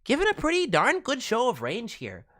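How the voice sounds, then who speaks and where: A man's voice: very high-pitched, wildly swooping pitch, moderate pace, a bit bright. A man streaming feedback on voice acting demos in a friendly, casual way, with hesitant restarts and bursts of slang.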